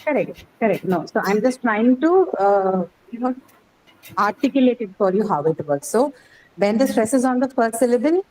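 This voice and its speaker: A woman teaching an English class, explaining slowly and checking in with "right?" after each point. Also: on the high side, expressive, a little mellow, rough recording. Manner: explains patiently, says "right?" often. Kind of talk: online class lecture.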